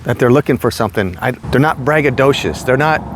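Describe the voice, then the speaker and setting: A man in his sixties telling casual, rambling stories about his past work, getting animated as he goes. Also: brisk, slight background noise. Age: 60s. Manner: animated, rambling, jumps high when quoting himself. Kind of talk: casual storytelling.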